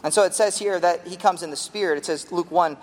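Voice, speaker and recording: A man's voice: high-pitched, fast talker, in a large hall. A man preaching an expository sermon as pastor, earnestly teaching through a passage and leaning hard on key words.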